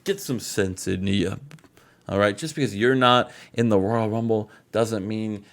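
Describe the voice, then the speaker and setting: A man putting on a tough pro wrestler impression, giving his team a gruff, commanding pep talk. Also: lowish voice, normal speed, noisy background, close to an everyday voice. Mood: rallying. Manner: gruff pep talk, repeated "all right?".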